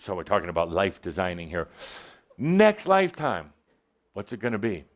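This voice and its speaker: A man's voice: sits low, sing-song, moderate pace. A man giving a spiritual channeling talk to a live audience, playful and teasing as he exhorts them.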